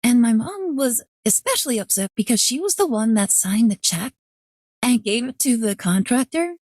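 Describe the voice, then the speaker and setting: Chatty higher-voiced woman streamer, dry sound. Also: expressive, darkish tone, dry recording. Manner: rambling, fills every pause with "like"; acts out quoted people in a lower voice. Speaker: VTuber streamer. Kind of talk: casual storytelling chat.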